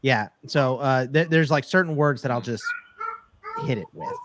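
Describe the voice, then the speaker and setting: A man's voice: medium pitch, background noise. A man with a light Texan accent, chatting casually on a podcast in an easygoing way with plenty of fillers. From Texas. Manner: easygoing, many fillers and pauses.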